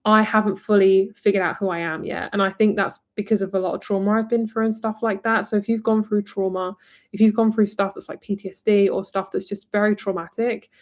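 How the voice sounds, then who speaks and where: A woman's voice: medium pitch, flat delivery, brisk. A woman from near London with a southern English accent, giving a rambling, chatty live-stream tarot reading and calling the viewer "my lovely". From England, near London. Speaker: tarot reader.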